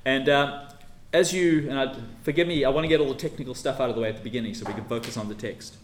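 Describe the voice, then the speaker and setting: A man gives a teaching sermon in an echoey room, with a faint hum of ambience behind him. His voice sits at an ordinary middle pitch. He lays out his points carefully and leans hard on each key word. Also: fairly even intonation, fast talker. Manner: teacherly, emphatic, stresses key words. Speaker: preacher. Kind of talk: expository sermon.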